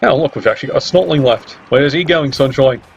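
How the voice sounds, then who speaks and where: A man's voice: mid-range voice, quick pace, gravelly, a faint crowd. A man commentating a video game match in a sarcastic, teasing way. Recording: dull lo-fi mic with faint hiss.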